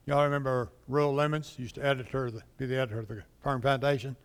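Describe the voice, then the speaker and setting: Mid-range and fast-talking, his intonation stays fairly even as he teaches a relaxed Bible class in a church classroom, where a long hall reverb lingers. He chats, quizzes the class, and acts out quotes.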